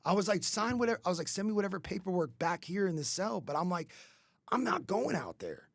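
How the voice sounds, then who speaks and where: A man's voice: high-pitched, very animated, a little fast, vocal fry, no room sound. A man in his thirties telling his life story on a podcast, casual and rambling, with many fillers and swearing. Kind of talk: candid conversational storytelling.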